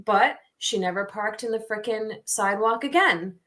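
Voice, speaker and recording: A middle-aged woman co-hosting a podcast, telling a story in a lively, casual way and laughing often. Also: mid-range voice, moderate pace. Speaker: podcast co-host. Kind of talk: casual chat.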